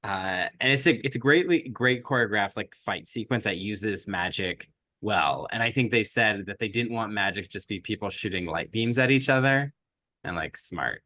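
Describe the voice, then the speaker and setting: On a podcast he co-hosts, a man with a fairly low voice walks through a movie's story at a moderate pace, casual and rambling, performing characters' lines and saying "like" often. Studio-quality audio, no echo.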